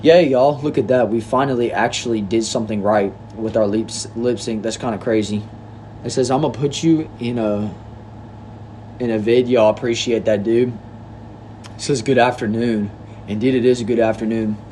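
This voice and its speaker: A man's voice: mid-range voice, fairly even intonation, moderate pace, dark tone, a little hiss or hum. Laid-back young man reading stream chat. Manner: easygoing, reads chat messages aloud and answers them. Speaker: livestream host reading chat. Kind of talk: casual livestream chat.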